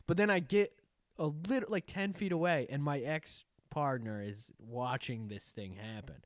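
A man's voice: on the high side, moderate pace, slight background noise. A man in casual, profane group chat, telling a story with lots of swearing and acting out the lines of the people in it. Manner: animated storytelling, acts out quoted lines, frequent swearing.

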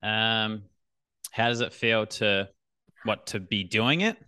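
A man's voice: on the low side, takes it slowly, sharp tone, clear, resonant tone, no room sound. An Australian man, a business coach, chatting easily as a podcast guest, laughing often and trailing off while he thinks. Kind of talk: casual podcast conversation.

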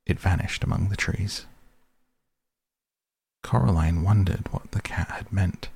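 Slow, deep, gravelly male narrator. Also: a little mellow, no room sound, studio quality. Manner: slow, measured storytelling. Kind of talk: audiobook reading.

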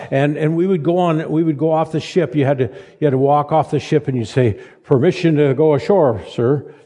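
Delivering a sermon, an older pastor keeps a steady tone while speaking in a folksy, halting way, often restarting and making self-deprecating jokes. His voice is mellow, a touch husky, and somewhat high for a man, echoing with long reverb like a church sanctuary.

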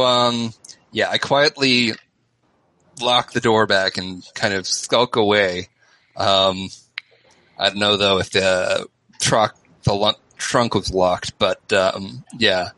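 A man playing in a tabletop game, describing what his character does in a hesitant way with many pauses. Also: on the low side, pushed and bright, no echo. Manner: hesitant, lots of ums. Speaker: player.

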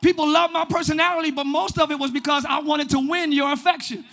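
A man preaches to a church congregation in a very high, bright, forceful voice. He is animated, often breaks into shouts, and slips into little acted-out voices of the people he describes. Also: quick pace, gravelly. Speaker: pastor. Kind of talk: sermon. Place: church sanctuary.

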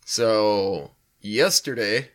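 A man co-hosting a podcast, telling an anecdote in a relaxed, casual way with some swearing. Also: fairly low pitch, extremely slow. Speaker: podcast co-host. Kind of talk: casual chat.

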